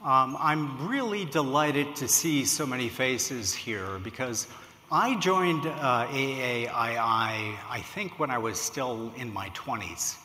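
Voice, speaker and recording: A man giving a storytelling keynote talk from a podium, animated and peppered with "uh" fillers. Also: mid-range voice, takes it slowly. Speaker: keynote speaker. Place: large lecture hall at a podium. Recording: echoey reverberant hall.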